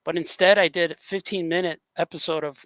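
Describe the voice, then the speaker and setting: A man's voice: fairly high pitch, fairly even intonation, fairly quick, fairly bright tone, no echo. A man, a cartoonist, chatting casually on a livestream, rambling and laughing often. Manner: rambling, laughs often, drops into grunting impressions. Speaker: cartoonist co-hosting a livestream chat. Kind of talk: casual chat.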